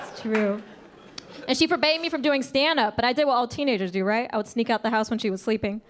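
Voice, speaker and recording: Brash high-voiced woman doing stand-up. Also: expressive, a little fast, fairly bright tone. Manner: brash, punchy delivery with acted voices. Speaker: stand-up comedian. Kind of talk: stand-up comedy set. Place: comedy club stage with live audience. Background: audience laughter.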